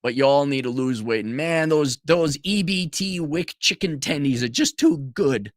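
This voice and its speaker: A man's voice: fairly high pitch, normal speed, dry recording, clean studio sound. A man hosting a commentary stream, ranting in a profane, sarcastic way and mocking people in put-on voices. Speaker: commentary show host. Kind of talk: livestream rant commentary.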